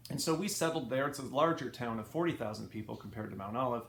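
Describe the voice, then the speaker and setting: A man's voice: mid-range voice, quick pace, creaky, a bit bright, slight background noise. A middle-aged man with a neutral Midwestern American accent telling a funny personal story with dry, wry asides. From Midwest, United States. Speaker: speaker, former college professor. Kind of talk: storytelling talk. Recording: echoey room with faint ambience.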